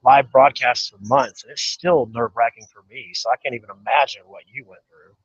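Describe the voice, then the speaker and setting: A man co-hosting a casual livestream, bantering in a relaxed, agreeable way. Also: medium pitch, a little fast, slightly rough, highs cut off. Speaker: livestream co-host.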